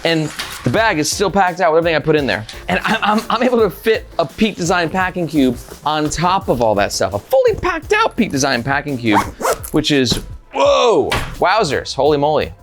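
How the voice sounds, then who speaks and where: A man's voice: on the high side, huge pitch swings, moderate pace, music in the background. A man hosting a casual backpack review vlog, upbeat and chatty with lots of "like" and "right?". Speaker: gear reviewer, channel host.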